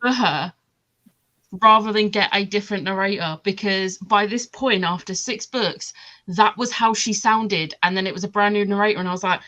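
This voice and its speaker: A woman's voice: medium pitch, normal speed, a bit bright, muffled recording. A woman with a light London accent, chatting casually with friends about books and laughing easily. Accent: mild London. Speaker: book club guest. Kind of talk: casual chat.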